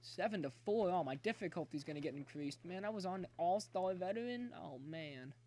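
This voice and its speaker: Excitable young guy streaming a baseball game. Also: high voice, normal speed, slight background noise. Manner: excitable, talks to chat, cheers players on. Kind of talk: live gameplay commentary. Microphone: phone.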